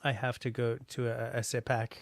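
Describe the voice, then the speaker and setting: Gravelly middle-aged man rambling to a livestream. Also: medium pitch, level tone, moderate pace, no room sound. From Canada. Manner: rambling, many restarts and fillers. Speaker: livestream host reading chat. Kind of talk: casual chat.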